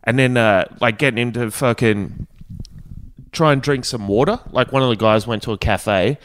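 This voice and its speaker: A man's voice: mid-range voice, moderate pace, slight background noise. A young man on a podcast, telling a rambling story full of swearing and acted-out quotes. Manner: rambling, heavy swearing, animated quoting. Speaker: podcast co-host. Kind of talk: casual storytelling chat.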